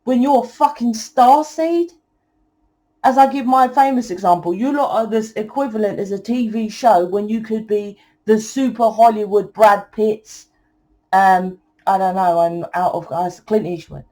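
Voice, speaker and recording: A woman talks through a tarot reading in a casual, preachy monologue. She is blunt and swears freely. Her voice is mellow and on the darker side, at an everyday middle pitch. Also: measured pace. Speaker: tarot reader.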